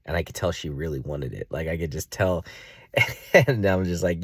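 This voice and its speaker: A man telling a long personal story in a casual vlog, rambling with many fillers and jumping into a high, excited voice when he acts out his own reactions. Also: normal speed, slightly rough, dry recording. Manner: jumps to a high excited pitch when reenacting himself. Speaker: vlogger.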